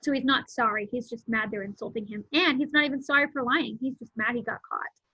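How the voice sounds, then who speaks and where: A woman reads a novel aloud and stops now and then to explain things plainly. Her voice is breathy and slightly high. The dull, dry recording sounds lo-fi. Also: no room sound. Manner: pauses to explain words and events simply. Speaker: read-aloud narrator.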